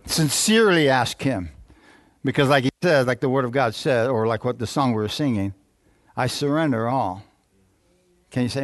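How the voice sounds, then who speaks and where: A man preaches to his congregation in a call-and-response style, asking again and again for an amen. He chuckles between points and slows down to read scripture aloud. His voice sits at a middle pitch and sounds close and dry. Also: dry recording. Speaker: pastor. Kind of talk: sermon.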